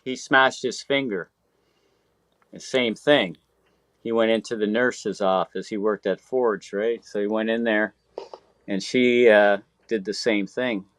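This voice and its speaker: A man's voice: on the low side, unhurried, no room sound. A man in his sixties telling stories in casual chat, swearing freely and acting out what people said. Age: 60s. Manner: profane, animated storyteller acting out quotes.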